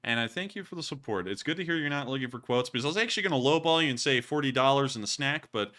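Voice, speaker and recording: A male livestream host chatting casually from a home setup. His voice is bright and smooth, and he rambles through viewer comments with frequent fillers and small laughs. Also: medium pitch, animated, very fast. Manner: rambling, chuckling, many fillers.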